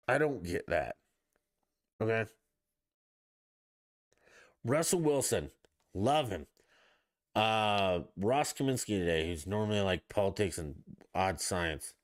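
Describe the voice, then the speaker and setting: A man with a lowish voice hosts his own podcast, ranting on his own about sports. He sounds fed up and swears freely as he goes on. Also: animated, takes it slowly, long pauses. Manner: ranting, profane, exasperated. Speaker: podcast host. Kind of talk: solo sports rant podcast.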